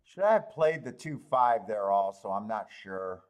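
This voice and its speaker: A man's voice: on the low side, animated, normal speed. A man hosting a live horse racing handicapping stream, talking to himself and swearing in frustration over his bets.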